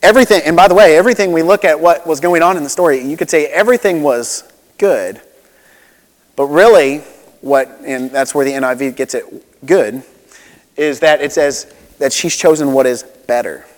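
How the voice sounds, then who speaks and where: A man's voice: fairly high pitch, normal speed, in a large hall. A man preaching a sermon as a pastor, conversational and relatable, with frequent asides and restarts.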